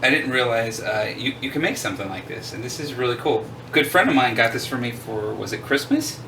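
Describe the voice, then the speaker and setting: He has a medium-pitched, expressive, creaky voice and talks a little fast, picked up by a distant mic against a noisy background. This forties-aged host chats casually in a home arcade-cabinet room, eagerly and ramblingly showing his collection while putting himself down in jest.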